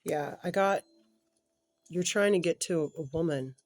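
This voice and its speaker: In a medium-pitched voice, a tarot reader gives a casual spoken reading to an unseen client. Thinking aloud, they halt and correct themselves, staying gentle and empathetic and at times dropping to a soft murmur.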